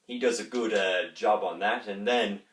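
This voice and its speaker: A man talks through an unboxing in a rambling, excited way, humming and thumping out instrument parts as he goes. He sits well back from the mic in a room with a roomy echo. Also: lowish voice, moderate pace, recorded from a distance. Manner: enthusiastic, rambling, imitates instruments with his voice. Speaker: music reviewer.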